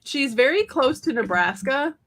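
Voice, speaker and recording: A woman's voice: high voice, lively intonation, measured pace, over a noisy crowd. A woman with a Southern drawl hosting a casual livestream, chatting with her co-host and reading out viewer comments.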